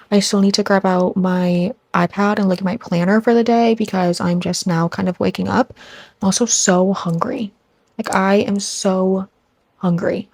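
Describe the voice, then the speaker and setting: A woman's voice: mid-range voice, dry recording. Chatty young woman vlogging at home. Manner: chatty and excitable, talks to her viewers. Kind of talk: casual vlog chat.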